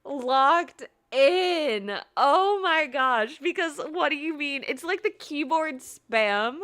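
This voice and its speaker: Lively, laughing woman streamer. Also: high-pitched, slow. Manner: animated, laughs often, chatty with playful slang. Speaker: game streamer. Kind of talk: casual live-stream chat.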